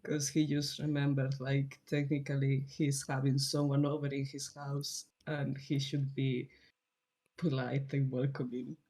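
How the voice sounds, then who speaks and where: A tabletop role-play player describing their character's actions in a halting, unhurried way, laughing often. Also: mid-range voice, level tone, mellow.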